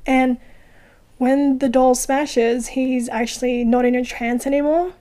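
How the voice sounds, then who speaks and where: A woman recapping a horror film in casual chat, animated and profane, swearing often. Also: high voice, a little slow. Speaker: podcast co-host recapping a film.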